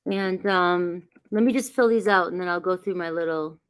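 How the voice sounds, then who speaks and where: A woman's voice: lowish voice, moderate pace, clear, resonant tone. A woman doing a casual livestream as a tarot reader, chatty and reassuring, greeting viewers by name and laughing often. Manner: reassuring, grounding spiritual guidance.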